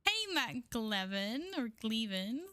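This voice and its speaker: A woman's voice: on the high side, very animated, slow pace, pushed and bright, no echo. A woman game streamer chatting casually with her viewers while playing, giggly and talkative. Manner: chatty, giggly, talks to chat and herself. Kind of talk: casual live-stream chat while gaming.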